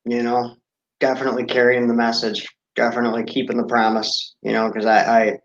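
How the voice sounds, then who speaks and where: A man's voice: medium pitch, monotone, brisk. Male host, supportive and affirming, roomy lo-fi recording. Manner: supportive, says brother and definitely often. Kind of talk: casual live video chat. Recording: roomy, dull lo-fi sound.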